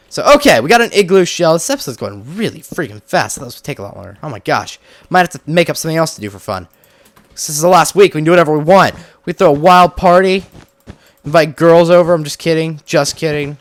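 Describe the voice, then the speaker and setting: Slightly congested from a cold, a young Minecraft let's-play host gives casual gameplay commentary that is excitable, rambling, jokey, and self-deprecating. His voice is a little high, and the recording is dry.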